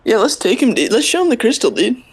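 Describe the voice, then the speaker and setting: A man's voice: very high-pitched, very animated, fast, breathy edge, full character voice, rough recording. A man voicing an airheaded, laid-back young guy who rambles and fills every gap with "like" and "dude". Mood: eager.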